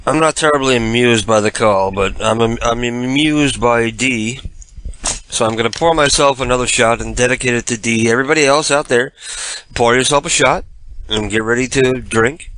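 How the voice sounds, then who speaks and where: A man's voice: mid-range voice, moderate pace, fairly bright tone, slight background noise, poor audio. A man hosting a radio show, talking in a rambling, offhand way. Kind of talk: casual radio talk.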